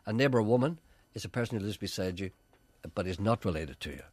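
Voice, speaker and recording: A man's voice: on the low side, expressive, fast talker, a little mellow, slightly rough, no echo. A Northern Irish man presenting a comic radio show, teasing and joking with his co-host. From Northern Ireland. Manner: jokey, teasing, drifts into silly voices.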